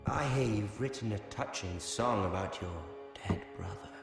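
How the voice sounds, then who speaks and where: An actor playing a sadistic young male lord who taunts others in a slow, menacing way, in a video game. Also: lowish voice, creaky. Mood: taunting. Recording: reverberant mix over game music.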